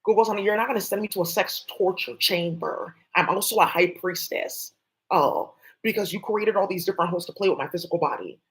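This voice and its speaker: A woman with a lowish voice rambles through a livestream rant, swearing and agitated, talking back to voices only she hears. The recording is low quality.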